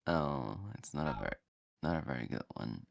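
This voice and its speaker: A man drops dry, mumbled jabs during a game stream. His voice is extremely deep and heavily gravelly, with lots of vocal fry. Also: animated, moderate pace. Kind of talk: casual stream banter.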